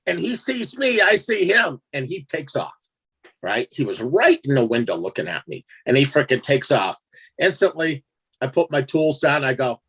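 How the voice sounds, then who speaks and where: Animated husky-voiced man telling a strange story. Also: on the high side, moderate pace. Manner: animated, laughing, acts out his own reactions. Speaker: guest storyteller. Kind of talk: casual storytelling interview.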